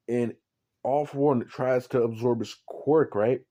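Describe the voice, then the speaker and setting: A man's voice: mid-range voice, steady tone, measured pace, warm tone. A man telling an improvised fan-fiction story in a rambling, profane, offhand way.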